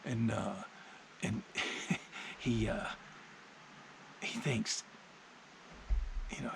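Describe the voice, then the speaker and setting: A man vlogging in a casual, plainspoken monologue, telling his thoughts and a story at an unhurried pace. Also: medium pitch, gravelly, a little hiss or hum, rough recording.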